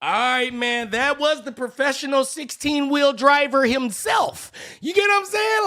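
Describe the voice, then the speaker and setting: A man hosts a live-stream reaction, ranting and joking at the top of his voice. His voice is high and bright, and his pitch leaps all over the place as he shouts. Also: lively intonation, normal speed, few pauses. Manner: loud joking rants, often shouting. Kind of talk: casual live-stream commentary.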